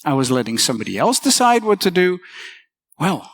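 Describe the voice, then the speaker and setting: A woman's voice: low-pitched, sing-song, a little fast, no room sound. A woman teacher giving a casual conference talk, swearing freely and acting out the voices she quotes.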